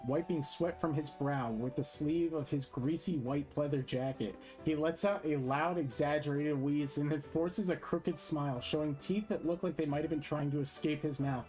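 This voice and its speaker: Chill streamer guy narrating a silly debate, bit high voice, faint music. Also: fairly even intonation, moderate pace, hardly any pauses, a little mellow. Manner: casual, amused, reads aloud between asides. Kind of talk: casual stream narration and role-play.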